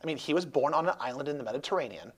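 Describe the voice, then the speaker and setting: Husky, rambling male talk host. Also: a little high, expressive, very fast. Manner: rambling, jokey, many restarts. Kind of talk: casual interview chat.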